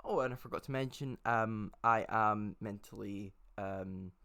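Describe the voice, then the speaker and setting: A man's voice: lowish voice, a little slow, sharp tone, smooth. A young man in his late teens gives a casual introduction to his channel, talking in a chatty and hesitant way with frequent fillers. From Scotland. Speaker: channel host.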